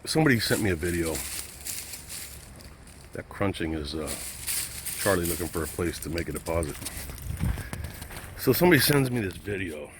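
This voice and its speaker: A man's voice: sits low, animated, moderate pace, long pauses, noisy background. A man vlogging outdoors, ranting angrily and profanely in a rambling, casual way. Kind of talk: casual rant to camera.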